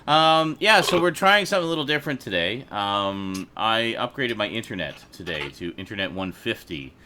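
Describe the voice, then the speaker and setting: A man's voice: fairly low pitch, lively intonation, moderate pace, pushed and bright, slight background noise. A man hosting a casual home livestream chat into a desk microphone, rambling, laughing often and swearing casually. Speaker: livestream host. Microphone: desk USB microphone.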